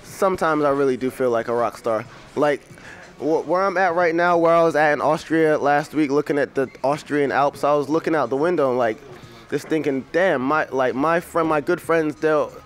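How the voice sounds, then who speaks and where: A man's voice: a little high, a little fast. Laid-back joking young rapper, man. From England. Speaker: rapper guest. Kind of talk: casual interview chat.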